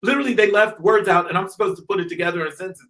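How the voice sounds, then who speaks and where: A man's voice: high-pitched, rapid-fire. A man from the American South, a fashion designer who is a guest on a radio interview and tells stories animatedly, often restarting his sentences. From US South, North Carolina. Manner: animated storytelling with many restarts.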